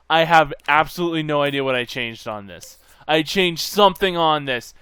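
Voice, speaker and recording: Hosting a gameplay channel, a man mutters to himself as he tinkers, breaking into bursts of goofy sing-song nonsense in casual commentary. His voice is fairly high, sharp, and smooth, at a moderate pace with few pauses and no echo.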